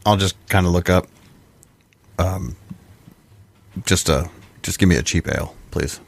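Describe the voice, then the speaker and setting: Deep-voiced guy, chill tabletop player, cracking jokes. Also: a little slow, gravelly. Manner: relaxed, joking. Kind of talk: casual game chat.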